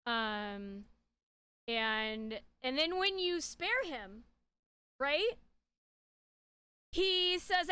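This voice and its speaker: A woman's voice: high-pitched, animated, a little slow, bright, forceful tone. A woman giving a casual spoken analysis of a video game character. She is chatty and rambling, with many fillers.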